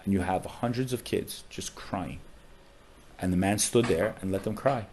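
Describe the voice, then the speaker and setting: A male rabbi with a lowish voice tells a story on a podcast. He sounds heartfelt and uses a lot of casual fillers. At the saddest moments his voice falls almost to a murmur. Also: moderate pace, a little mellow, a little hiss or hum. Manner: emotional storyteller with frequent "like" fillers.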